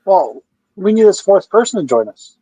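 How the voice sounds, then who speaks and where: A man co-hosting a casual podcast, tossing in quick joking remarks. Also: sits high, big pitch swings, dark tone, slightly rough, no echo, rough recording. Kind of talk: casual chat.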